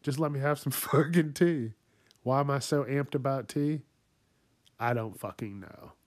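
A man hosts his own podcast and goes on a profane comedic rant, swearing constantly and laughing at his own jokes. He talks at an unhurried, drawn-out pace in a middle-pitched voice. The sound is dry and close. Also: no echo. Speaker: podcast host.

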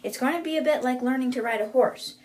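A woman voicing a stern female instructor giving orders to students, loud and commanding. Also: high voice, fast, voice pushed up, close to an everyday voice.

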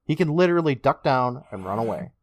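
A male podcast co-host recaps a show in a lively storytelling way, laughing often and swearing along the way. His voice sits in a middle pitch and sounds dry and close to the mic. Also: quick pace, no echo, dull audio. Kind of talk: casual episode recap.

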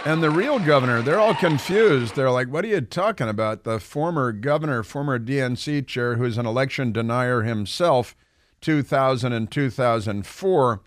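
A man's voice: mid-range voice, normal speed. A man hosting a talk radio show, commenting in a sarcastic, mocking way with frequent restarts.

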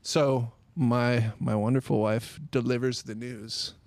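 A man in a casual group chat, telling a funny story in an animated way. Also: medium pitch, slow pace, creaky.

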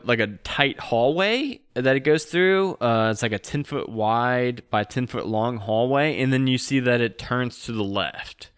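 A man's voice: medium pitch, fairly bright tone, smooth, dry recording. Young male game master; loose, filler-heavy narration, dry sound. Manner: casual, full of fillers like "like" and "uh".

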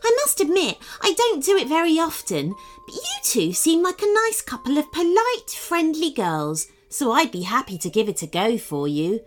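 A woman doing a chirpy, high-voiced magic bunny. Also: sing-song, moderate pace, few pauses, soft background music. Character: cheerful boastful male magic bunny.

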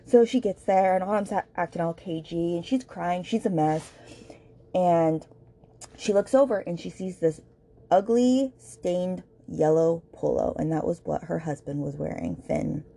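A woman's voice: on the low side, fairly even intonation, normal speed, creaky, warm tone. A woman hosting a podcast and recapping a book in casual, gossipy chat, with lots of filler words and asides to her listeners. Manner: chatty and gossipy, heavy filler words, addresses listeners directly. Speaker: podcast host reviewing books.

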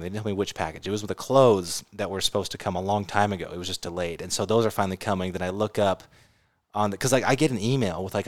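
A laid-back man co-hosting a casual couple's podcast, with a somewhat low voice. He explains things quickly and easily. The recording is dry and close. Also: no room sound. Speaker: podcast co-host.

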